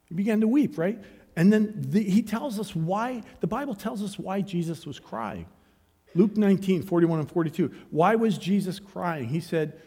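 A man preaching a sermon, his voice pitched a little high and often climbing higher as he builds to loud calls. Between those peaks he drops to soft, searching questions. The sound rings with the long reverb of a large hall. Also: animated, moderate pace, slightly rough. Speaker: pastor.

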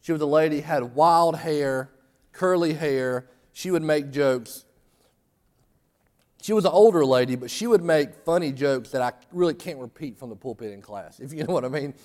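A man preaching a sermon in a church, talking conversationally and getting animated for emphasis. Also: on the high side, moderate pace, in a large hall. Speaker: pastor. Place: church sanctuary.

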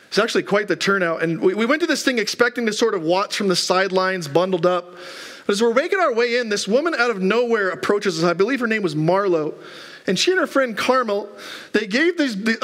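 A pastor in his thirties preaches to his congregation in a high, light voice. He talks in an easy, conversational way and tells stories from the pulpit. He often checks in with the room through quick rhetorical questions. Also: fairly bright tone. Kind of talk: sermon. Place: church sanctuary.

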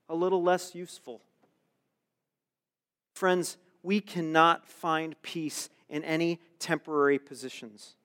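Earnest high-voiced male preacher. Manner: earnest, rising to emphatic exhortation. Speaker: pastor. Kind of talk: sermon.

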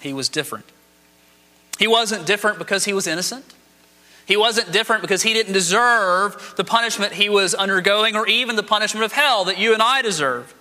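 A man's voice: high voice, brisk, bright, forceful tone. A man preaching a sermon as pastor, dramatic, acting out the quoted speech of the people in his text. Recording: long hall reverb.

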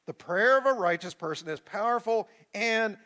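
A man in his forties delivers a sermon from the pulpit, his voice bright and a touch higher than most men's. He reads scripture and works the congregation with call-and-response, getting lively as he goes. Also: normal speed. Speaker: pastor. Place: church sanctuary with a live congregation.

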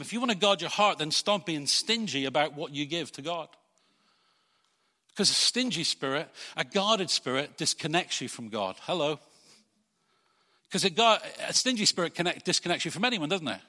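A man preaching a sermon as pastor, putting rhetorical questions to his congregation and swinging between loud urging and quiet earnestness. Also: a little high, animated, brisk, in a large hall.

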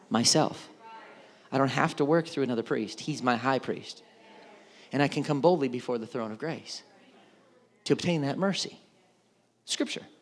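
A male pastor preaching a casual, conversational sermon with jokes and acted-out voices. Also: mid-range voice. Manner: conversational, joking, acts out voices.

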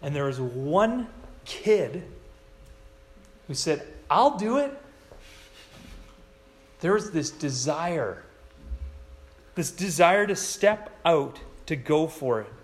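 Animated male preacher, slightly high voice. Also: takes it slowly, long pauses. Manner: animated storytelling, acts out quoted lines in a higher voice. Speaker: pastor. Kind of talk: sermon. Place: church.

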